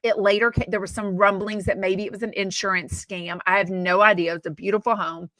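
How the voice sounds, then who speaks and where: A woman's voice: mid-range voice, steady tone, brisk, sharp tone, no room sound. A woman hosting a podcast, chatting about gossip in a rambling way with lots of fillers and asides. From Texas. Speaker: podcast host. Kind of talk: casual gossip chat.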